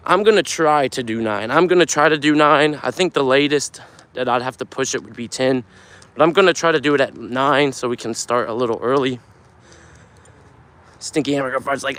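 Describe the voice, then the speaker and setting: A young man chatting on a casual live stream, reading out viewer comments and telling stories in an animated, foul-mouthed way. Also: mid-range voice. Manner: animated storyteller, swears a lot, gets loud when telling a story. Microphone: phone camera.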